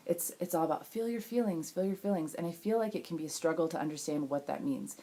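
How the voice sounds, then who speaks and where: A woman's voice: deep voice, dark tone. A young woman talking candidly to camera in a casual vlog, rambling with frequent restarts. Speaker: vlogger.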